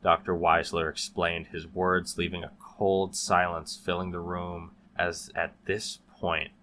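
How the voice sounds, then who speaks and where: A man narrating a horror story in a steady, measured way. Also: sits low, a little hiss or hum.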